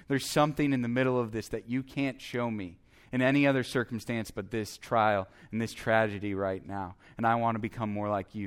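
A man's voice: mid-range voice, fairly even intonation, brisk, smooth. A man preaching a sermon as the pastor, earnest and emphatic, repeating his exhortations.

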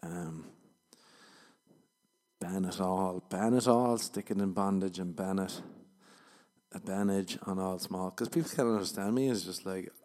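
Low and unhurried with long gaps, the voice belongs to a young man from Ireland, a comedian and podcast host, whose darkish tone sounds tired from overuse. He drifts through a casual, foul-mouthed monologue, poking fun at himself.

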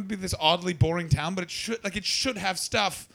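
Brief: male stand-up doing crowd work, gravelly edge, swearing, needling the audience. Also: high-pitched, a little fast, few pauses, pushed and bright. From Canada. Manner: brash, profane, teasing. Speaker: stand-up comedian.

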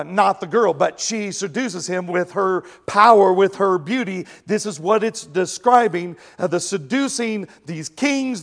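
High, gravelly man preaching a sermon. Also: big-room sound. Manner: animated preaching, jokey asides, mimics other voices. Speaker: pastor.

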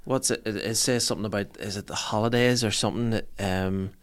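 A man's voice: on the low side, steady tone, fast. A man, a guest on a podcast, chatting casually with joking asides. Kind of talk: casual chat.

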